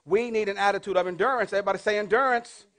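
Speaking very fast in a high-pitched voice, a man in his fifties delivers a sermon as pastor, alternating between booming and quiet tones while quizzing the congregation in call-and-response.

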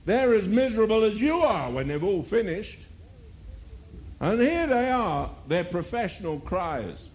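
A man's voice: high voice, big pitch swings, unhurried, darkish tone. A male preacher delivering a sermon, firing rhetorical questions and mocking asides.

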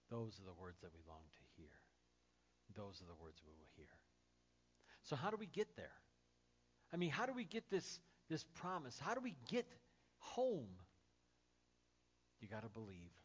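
A man preaching a sermon as pastor, dropping to soft, hushed lines and rising to loud, excited storytelling. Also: fairly low pitch, highs cut off, a little hiss or hum.

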